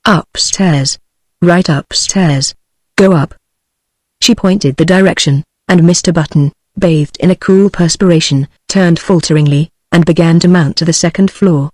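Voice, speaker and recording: A woman's text-to-speech voice with a British English accent, narrating an audiobook in an even, scripted way. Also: fairly low pitch, normal speed, few pauses, no room sound. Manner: even, synthetic reading.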